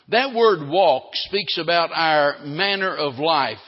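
High-voiced man preaching in an echoing hall. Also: expressive, muffled recording. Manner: emphatic preaching, slowing down to stress key phrases. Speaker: pastor. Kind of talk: sermon.

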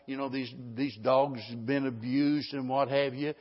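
A man's voice: medium pitch, flat delivery, moderate pace. A middle-aged male pastor preaching a sermon in a folksy, rambling way, often restarting his sentences. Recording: dull lo-fi sound with a long hall reverb.

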